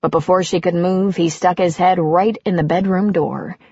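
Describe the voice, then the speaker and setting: Husky-voiced woman narrating calmly. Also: on the low side, moderate pace, no room sound, lo-fi sound. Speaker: audiobook narrator. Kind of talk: scripted narration.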